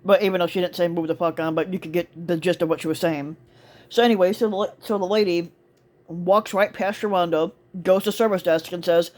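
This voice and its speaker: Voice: mid-range voice, fairly even intonation, a little fast, a little mellow. A store cart attendant telling a work story in a casual monologue, rambling with lots of fillers, restarts and swearing.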